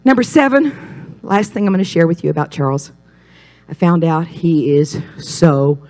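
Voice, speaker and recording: Emphatic woman preaching her testimony. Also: moderate pace. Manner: emphatic, storytelling, swells louder and higher on key points. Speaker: speaker at a Christian ministry. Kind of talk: personal testimony sermon.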